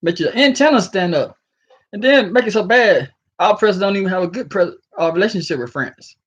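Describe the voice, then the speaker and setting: A man with a somewhat high voice talks to his viewers from home in a loose, rambling way, chuckling and slipping into slang. He sounds sleepy. The recording is muffled and lo-fi. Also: lively intonation, brisk, breathy edge. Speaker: vlogger. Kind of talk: rambling casual monologue.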